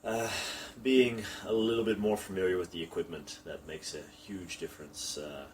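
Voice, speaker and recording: A man's voice: deep voice, steady tone, moderate pace, darkish tone. A man chatting casually on a podcast, laughing easily and explaining strongman technique. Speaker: strongman coach and podcast co-host. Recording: distant from the mic, faint background noise.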